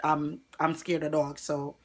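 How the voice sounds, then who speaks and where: A woman's voice: low voice, a little slow. A woman from Jamaica, telling a personal story to viewers in a storytime vlog. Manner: animated storytelling, addresses viewers directly. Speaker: vlogger.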